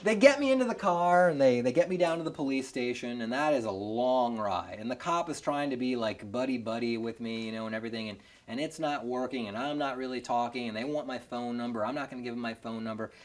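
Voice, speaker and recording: A man telling a personal story on stage, animated and self-mocking, with lots of chatty asides. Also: medium pitch, fast, few pauses. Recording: live audience laughter audible.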